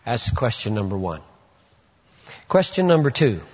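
A man preaching a sermon as pastor, with emphatic stresses that drop into hushed asides. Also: medium pitch, big pitch swings, unhurried. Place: church sanctuary. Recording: muffled lo-fi recording in an echoey hall.

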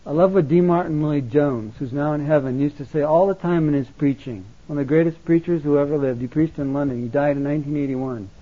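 A male pastor preaching a sermon, impassioned, swinging between loud exhortation and quiet intimacy. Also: fairly high pitch, fairly quick, hardly any pauses. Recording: tinny phone-like sound.

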